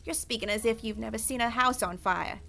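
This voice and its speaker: A woman's voice: a little high, brisk, vocal fry, sharp tone, full character voice. A woman voicing a cruel, sneering male gangster cat in a game, mocking and taunting.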